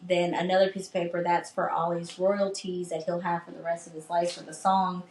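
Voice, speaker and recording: A woman's voice: on the low side, flat delivery, a little fast, darkish tone, echoey room. A married woman co-hosting a casual book review chat, emotionally retelling scenes and swearing. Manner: emotional, swears, acts out characters' lines. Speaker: podcast co-host.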